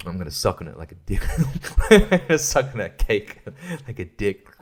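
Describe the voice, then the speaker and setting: A man's voice: fairly low pitch, very animated, unhurried, slightly rough. A tired man hosting a solo podcast in a rambling, crude, profane way, laughing at his own jokes. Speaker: podcast host. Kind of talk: casual solo podcast chat.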